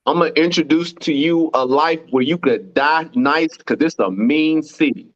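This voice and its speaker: A man from Memphis performs spoken word poetry with a rhythmic, declaiming delivery. His voice sits a little high. The sound is dull and lo-fi. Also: normal speed, hardly any pauses, a bit bright.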